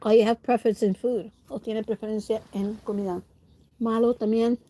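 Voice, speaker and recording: A woman's voice: a little high, flat delivery, fairly quick, warm tone. A woman livestreamer with a stuffy nose, chatting casually with viewers while she eats and answering their comments. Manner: chats while eating, talking with food in her mouth.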